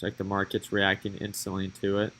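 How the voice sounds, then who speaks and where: A man's voice: low voice, completely flat delivery, a little fast, bright, forceful tone, rough recording. Chatty man calling live market moves. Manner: chatty, thinking aloud while watching charts. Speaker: stock trading streamer. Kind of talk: casual live-stream market commentary.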